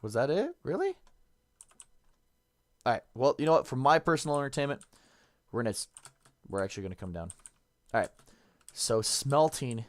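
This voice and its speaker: A man's voice: medium pitch, very animated, normal speed, long pauses, no room sound. A man streaming a game, casually thinking aloud and correcting himself as he reads and works things out. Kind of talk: casual gameplay commentary.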